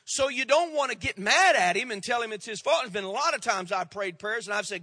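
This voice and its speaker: A man preaching a sermon as pastor, folksy and emphatic, slowing down to stress the words he quotes. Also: very high-pitched, very animated, sharp tone, husky, dry recording, in a large hall.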